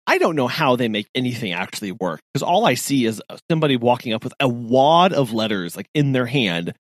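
A man co-hosting a podcast, chatting casually in an animated way with frequent laughs and restarts. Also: mid-range voice, no echo, clean studio sound. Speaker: podcast co-host.

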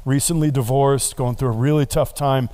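A male pastor delivers a sermon in an easygoing, conversational storytelling manner. His voice sits at an ordinary middle pitch. He leans into earnest emphasis as he moves toward prayer. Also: steady tone, moderate pace, mellow.

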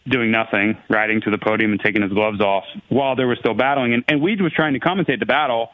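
A man's voice: medium pitch, fast, dry recording. A man calling in as a co-host who sheepishly explains himself in casual chat, heard over a thin phone-like line.

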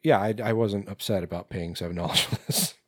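A man's voice: on the low side, fairly quick, no echo, studio quality. A man co-hosting a casual podcast chat, rambling with many fillers and restarts. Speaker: podcast co-host.

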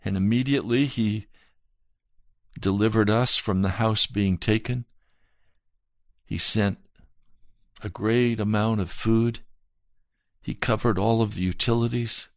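A man preaching a slow, earnest sermon and telling a personal testimony. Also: on the low side, steady tone, no echo, studio quality. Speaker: pastor.

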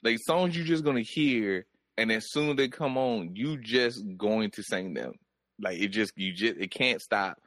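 A man in his thirties co-hosting a casual chat, rambling and halting but insistent. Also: lowish voice, fairly bright tone, no echo.

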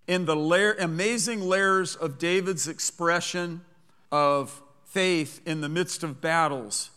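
A man's voice: high voice, sharp tone, smooth, big-room sound. A man preaching a sermon as pastor, conversational at times and rising to fervent, emphatic scripture reading, calling on the congregation to repeat lines. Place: church sanctuary.

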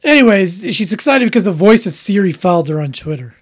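A fast-talking man with a high voice and big pitch swings hosts a podcast in casual conversation. He rambles, shares strong opinions, and often cuts himself off mid-thought.

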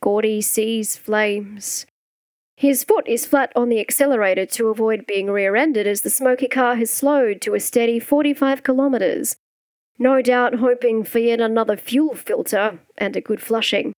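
Woman narrator, story reading, measured and dramatic, fairly high voice. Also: a little mellow, no room sound, studio quality. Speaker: reader.

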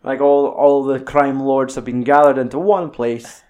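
A man's voice: mid-range voice, steady tone, measured pace, a little mellow, dull audio. A young Scottish man in casual, sweary, joking chat about a film. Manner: sweary, jokey banter.

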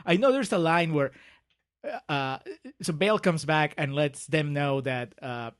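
A man with a fairly high voice rambles through his thoughts on a film in casual podcast chat. He laughs often as he talks and circles back to his points. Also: a little slow. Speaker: podcast co-host. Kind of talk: casual movie discussion.

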